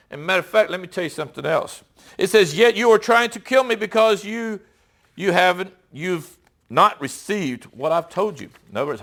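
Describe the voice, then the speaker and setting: A middle-aged man preaching in a fairly high voice. He reads Bible verses aloud and explains them in a conversational, emphatic style, often stopping to ask his listeners rhetorical questions. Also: normal speed, a bit bright. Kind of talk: sermon with Bible reading.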